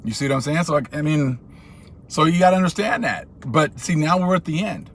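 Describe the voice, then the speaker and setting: A man talking in a casual commentary monologue, animated and laughing as he acts out little skits. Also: on the high side, brisk, a little hiss or hum. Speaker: channel host.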